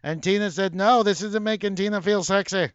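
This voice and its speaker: A man's voice: sits high, brisk, dry recording, lo-fi sound, lightly acted. A man doing a brassy aging diva, sultry. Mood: sassy, sultry.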